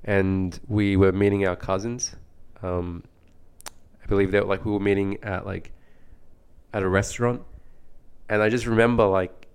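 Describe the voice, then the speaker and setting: Young aussie guy podcasting, deep and gravelly but smooth, lots of likes. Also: level tone, moderate pace, a little mellow. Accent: neutral Australian. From Australia. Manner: rambling, frequent "like" fillers. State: recovering from the flu. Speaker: podcast co-host. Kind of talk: casual chat.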